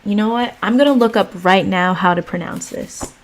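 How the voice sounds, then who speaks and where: A woman's voice: mid-range voice, background noise. An American woman hosting a livestream, chatting casually and reading a meditation aloud. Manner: relaxed, chatty, slow and drawn out. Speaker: livestream host.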